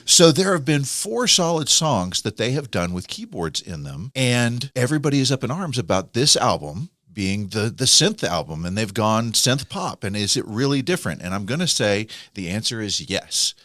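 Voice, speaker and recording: A man co-hosting a podcast, telling music history stories in a casual, animated way and acting out quoted people. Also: mid-range voice, normal speed, hardly any pauses, dry recording, clean studio sound. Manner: animated storyteller, acts out quoted voices. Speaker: podcast co-host. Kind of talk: casual storytelling chat.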